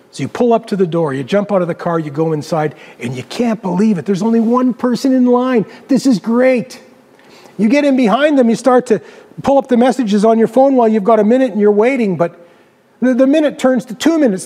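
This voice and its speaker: A man preaching a storytelling sermon, dramatic, dropping his voice low for emphasis. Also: in a large hall. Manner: dramatic, varies pitch and loudness, drops low for emphasis. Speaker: pastor.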